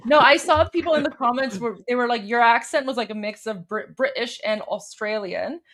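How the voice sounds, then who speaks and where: A woman co-hosting a live political stream, playful and self-deprecating in quick asides. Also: fairly high pitch, fairly bright tone. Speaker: co-host.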